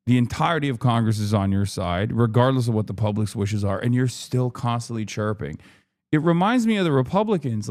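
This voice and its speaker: A man in the middle of a heated political rant on a live stream, his voice pitched right in the normal range. He swears often and sounds openly exasperated, and he races through news text when he reads it aloud. The sound is dry and close, with hardly any room around it. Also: a little mellow, no room sound. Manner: profane, exasperated ranting.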